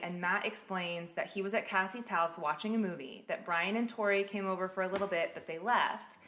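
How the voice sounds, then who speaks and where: This podcast host, a woman with a medium-pitched, slightly bright voice, recounts a true-crime case in a laid-back, blunt manner and curses without restraint. The recording has an echoey room sound.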